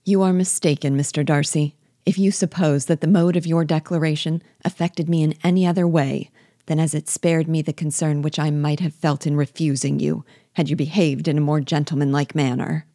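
A spirited, indignant young woman speaks with force, voiced by a woman reading aloud. Her voice is low and warm, and the recording is close and dry. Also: fairly even intonation, moderate pace, no echo. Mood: composed scorn.

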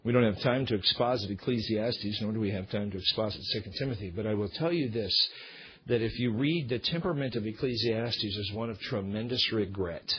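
A man's voice: fairly low pitch, fairly quick, slightly rough, dull audio. A man pastor delivering an emphatic, repetitive sermon.

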